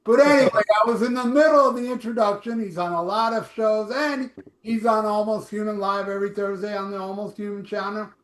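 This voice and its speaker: A man's voice: sits high, fairly even intonation, brisk, fairly bright tone, roomy sound. A man hosting a podcast, rambling and joking with crude, profane banter. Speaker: podcast host.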